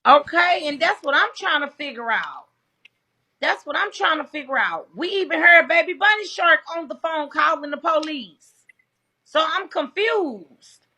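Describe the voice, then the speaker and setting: Loud, heated woman streamer, slow and bright. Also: high-pitched, lively intonation. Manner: loud, profane and heated, addressing viewers. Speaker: livestream host. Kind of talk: casual livestream commentary.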